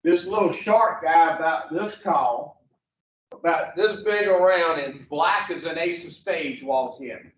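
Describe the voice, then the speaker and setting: A man's voice: fairly high pitch, slow, slight background noise. Blunt, profane man teaching a class. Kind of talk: storytelling lesson to a class. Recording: roomy, distant, dull classroom audio.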